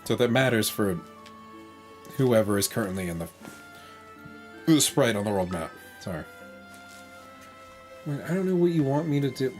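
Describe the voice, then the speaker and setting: A man's voice: mid-range voice, expressive, normal speed, long pauses, a little mellow, faint music behind. A man streaming a video game, talking casually to himself and his viewers, often muttering and swearing under his breath. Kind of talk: casual live-stream chatter. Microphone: desk microphone.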